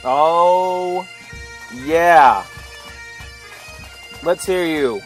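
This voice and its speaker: Chatty man hosting a slow-paced show. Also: a little high, faint music behind. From Ohio. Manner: chatty, laughs at himself, hypes listeners up. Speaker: podcast host. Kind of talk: casual rambling talk show.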